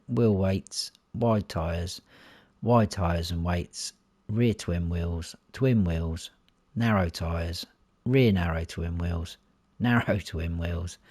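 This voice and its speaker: Low deep guy going thru game menus slowly, reading every option out. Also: a little mellow, no room sound. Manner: listing options one by one while clicking through menus. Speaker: gaming YouTuber. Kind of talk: console gameplay walkthrough.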